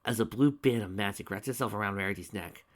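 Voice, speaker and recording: A man's voice: on the low side, quick pace. A man dramatically reading fan fiction aloud, breaking off with exasperated sarcastic asides. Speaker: fanfiction reader.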